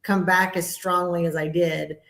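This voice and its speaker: A woman's voice: lowish voice, flat delivery, moderate pace, fairly bright tone, echoey room. A woman in her fifties, a comedian guest telling candid stories in a casual interview chat. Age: 50s. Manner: candid, storytelling, upbeat.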